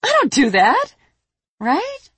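A woman voicing a young female dragon who protests in a high, whiny voice. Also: huge pitch swings, slow pace, a bit bright, dry recording, heavily acted. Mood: indignant.

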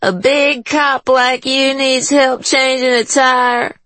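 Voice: high voice, level tone, slow pace, pushed and bright, no echo, pitched above the performer's own voice, heavily acted. A narrator voicing a brash, cackling hefty woman. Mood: brash, taunting. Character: brash loud middle-aged woman, beery and mocking. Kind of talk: audiobook character voice.

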